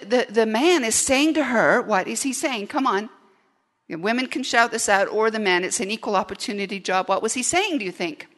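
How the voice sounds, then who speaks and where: A woman preaching a lively sermon, animated and often asking the audience questions. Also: a little high, big-room sound.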